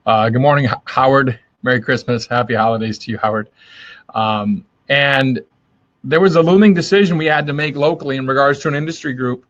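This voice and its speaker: Male host, mid-pitched voice, casual motivational chat, lots of fillers, somewhat muffled webcam audio. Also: fairly quick, fairly bright tone. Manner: friendly, rambling, with many fillers and restarts. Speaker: host of a daily live video. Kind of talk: casual motivational live stream.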